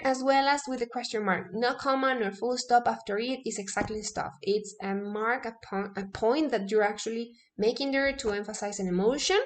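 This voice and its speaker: A woman English teacher, a native Spanish speaker, explaining grammar step by step, often checking in with "okay?" and correcting herself mid-sentence. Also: a little high.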